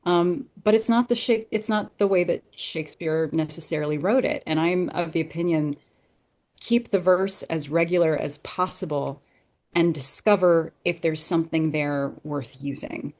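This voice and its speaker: This guest has a low, somewhat mellow voice and speaks at an ordinary pace. Discussing Shakespeare on a podcast, she works through a text out loud with eager sincerity, in a conversational style.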